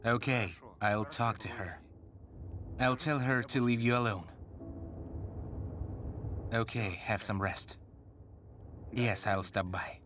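A man dubbing a worried young husband in a TV drama who tries to keep the peace, speaking in a measured way. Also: on the low side, a bit bright, a little hiss or hum. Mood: strained. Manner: slow and measured. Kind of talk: dubbed TV drama.

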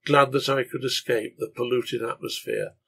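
A man narrating a translated serial novel in a measured storytelling reading. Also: mid-range voice, fairly even intonation, gravelly, bright, forceful tone, husky.

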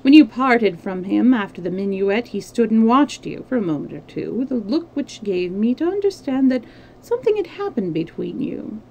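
Woman reading as a quiet, sarcastic French agent. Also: on the high side, big pitch swings, normal speed, highs cut off, slight background noise. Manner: quiet, placid delivery.

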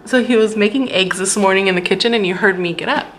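A woman's voice: medium pitch, fast talker, fairly bright tone, slight background noise. A young woman vlogging in a casual, chatty way, often breaking into laughs. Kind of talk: casual chat.

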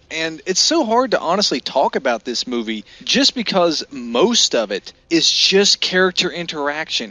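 Lively, storytelling podcast man. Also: mid-range voice, no echo. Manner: retells scenes with acted-out quotes. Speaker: podcast co-host. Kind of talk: casual movie-review chat.

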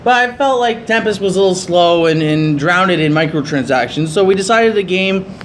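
A young man chats his way through a game, cracking jokes and reading lines aloud in a high voice that swings up and down a lot. He sounds animated throughout. A faint hiss sits under the recording. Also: brisk. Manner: joking, playfully reads game lines aloud. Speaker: gaming channel host. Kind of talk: casual gameplay commentary.

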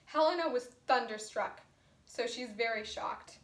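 A woman's voice: fairly high pitch, unhurried. A woman teacher reading a storybook aloud to children and explaining it in a patient, chatty way. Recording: echoey room.

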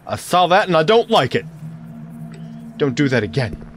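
A man's voice: fairly high pitch, sing-song, normal speed, music in the background. A man giving jokey let's-play commentary, talking back to the game and stuttering when startled. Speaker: gaming channel host.

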